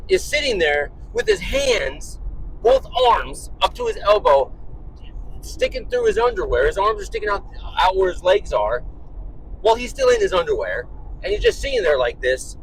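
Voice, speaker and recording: A man rants about his morning from his car, swearing freely and exasperated. His voice sits a little high and swings widely up and down as he tells it. A faint hum of road noise stays behind him. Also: moderate pace, low-quality recording. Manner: profane, exasperated, animated storytelling. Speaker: vlogger and dad. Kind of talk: ranting storytime.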